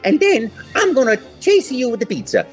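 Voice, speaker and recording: A man's voice: extremely high pitch, huge pitch swings, moderate pace, faint music behind, pitched above the performer's own voice, exaggerated voice. A man voicing a cheerful young Italian plumber with a put-on Italian-American accent, bouncy and sing-song.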